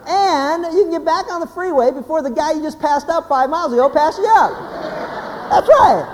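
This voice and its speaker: A man, a pastor, giving a humorous sermon as an animated, joking storyteller. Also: extremely high pitch, fairly quick. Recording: hall reverb, faint background noise.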